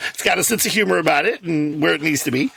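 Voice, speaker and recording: A man co-hosting a movie podcast, chatting in a jokey, animated way and laughing often. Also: on the high side, a little fast, creaky, husky. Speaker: podcast co-host. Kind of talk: casual movie chat.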